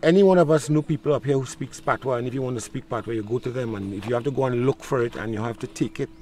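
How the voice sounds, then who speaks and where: A man's voice: medium pitch, very fast, mellow. An older man with a Trinidadian accent, being interviewed outdoors, switching between patois and English and repeating himself. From Trinidad and Tobago. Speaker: local interviewee. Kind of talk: casual interview. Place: outdoors in a village.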